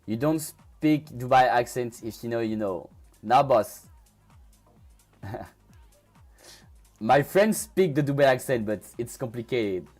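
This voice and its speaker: This man, a native French speaker from France, talks casually to viewers on his crypto trading stream with soft music in the background. His mid-range, darkish voice is expressive and slow, with long pauses, and he keeps restarting and repeating words in his French accent.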